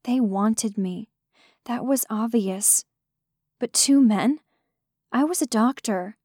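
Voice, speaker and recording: A woman reading a first-person audiobook in an intimate, measured storytelling manner. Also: fairly high pitch, darkish tone, no echo, clean studio sound. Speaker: narrator.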